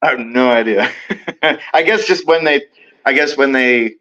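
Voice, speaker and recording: A man's voice: medium pitch, normal speed, pushed and bright, dull audio. A man as the guest in a casual film discussion, hesitant, with lots of fillers and trailing thoughts.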